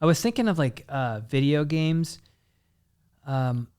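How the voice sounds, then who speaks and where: A man's voice: a little high, lively intonation, measured pace, a little mellow, clean tone. A man hosting a podcast, casually joking and rambling with lots of fillers. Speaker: podcast host. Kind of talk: casual comedy chat.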